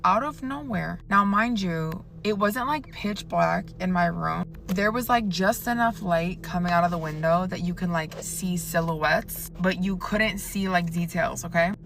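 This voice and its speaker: A woman's voice: fairly low pitch, unhurried, gravelly, hardly any pauses, a bit bright, a little hiss or hum. Chatty, profane young woman telling a story. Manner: chatty, profane, addresses the viewer directly. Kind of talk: casual storytime vlog.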